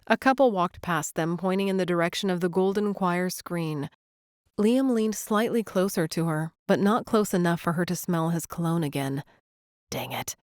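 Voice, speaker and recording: A woman's voice: fairly low pitch, normal speed, no room sound. Woman narrating a romance audiobook, dry. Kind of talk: scripted narration.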